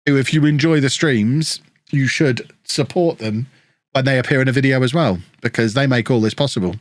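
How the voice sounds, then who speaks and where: A man live-streaming a football management game, chatting with viewers and reacting excitedly to the match. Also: mid-range voice, normal speed, dry recording. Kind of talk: casual live-stream commentary.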